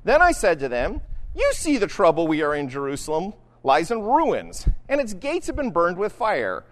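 Animated high-voiced preacher in a reverberant hall. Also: male voice, moderate pace. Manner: conversational, keeps asking "right?". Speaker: pastor. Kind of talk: sermon.

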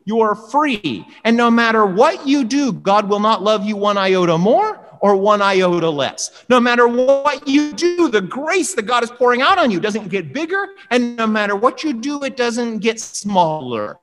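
A preacher giving a conversational, animated sermon that acts out dialogue, recorded in a hall with long reverb. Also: mid-range voice, moderate pace, few pauses, soft background music.

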